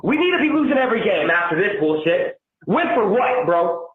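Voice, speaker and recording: A man calling in by phone to a podcast, ranting angrily and cursing, often yelling. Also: high voice, sing-song, a little fast. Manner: profane, yelling, heated. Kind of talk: angry fan rant over the phone. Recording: tinny phone line, echoey.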